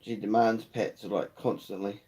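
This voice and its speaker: A man's voice: lowish voice, fairly even intonation, a little slow, darkish tone. A young man with a New Zealand accent hosting a casual live chat, slangy and swearing freely, calling viewers mate and bro. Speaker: livestream host.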